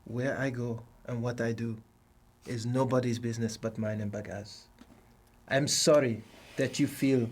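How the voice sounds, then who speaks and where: A man's voice: mid-range voice, steady tone, a little slow. A man in a tabletop role-play speaking in character, stiff and formal with a cool, detached manner. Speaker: player.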